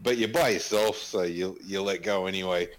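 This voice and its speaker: A man's voice: sits low, moderate pace. A man co-hosting a podcast in casual chat, hesitant and full of restarts, laughing and swearing as he talks. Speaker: podcast co-host.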